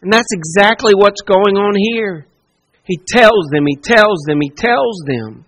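Pastor, male, high voice, fervent sermon delivery with repeated lines. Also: lively intonation, measured pace, fairly bright tone, rough recording. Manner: impassioned, repetitive preaching with dramatic quoted speech.

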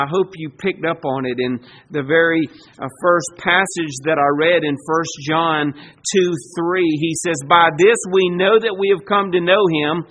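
Bright, high-voiced man preaching. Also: a little hiss or hum. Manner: emphatic, rises in volume when quoting scripture. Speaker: pastor. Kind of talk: sermon.

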